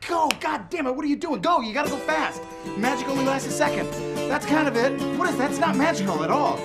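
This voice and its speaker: An actor playing a brash, bossy young rock musician who swears constantly, barks orders and bursts into shouting and singing, with loud guitar behind him. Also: male voice, extremely high pitch, lively intonation, quick pace. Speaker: band leader. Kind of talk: improvised film comedy.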